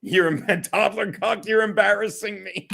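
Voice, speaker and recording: A man's voice: high-pitched, fairly even intonation, a little slow, vocal fry, a bit bright. A man hosting a casual solo livestream, rambling, swearing and often breaking into laughter. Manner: profane, giggly, rambling. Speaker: livestream host.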